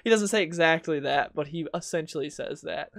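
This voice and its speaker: A man's voice: a little high, fairly quick, creaky, a bit bright, no echo, studio quality. A young man hosting a comic book video, ranting casually and sarcastically with mocking quoted voices. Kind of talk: casual opinion commentary.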